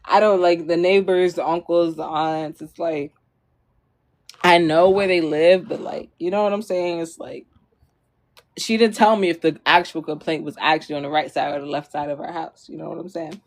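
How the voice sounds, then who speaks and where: A woman's voice: low-pitched, fairly even intonation, normal speed. A young adult woman streamer telling a story casually to her audience, rambling with lots of fillers and frequent laughs.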